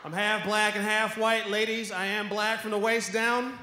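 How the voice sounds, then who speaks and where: Bright, profane stand-up comedian man. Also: high voice, normal speed, a little hiss or hum. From Washington, D.C. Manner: profane, animated, often shouting. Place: comedy stage. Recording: echoey hall, live stage.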